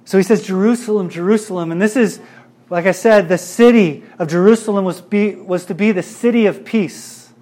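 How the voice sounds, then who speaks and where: A man's voice: high-pitched, normal speed, a little mellow. A male pastor preaching a sermon in an earnest way, repeating phrases for emphasis.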